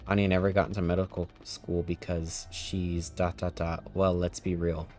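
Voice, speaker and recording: Deep-voiced male streamer, chatty, talks back at the characters of a story game. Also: flat delivery, normal speed, a little mellow. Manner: chatty, argues with the characters, reads dialogue aloud. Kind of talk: casual let's-play commentary.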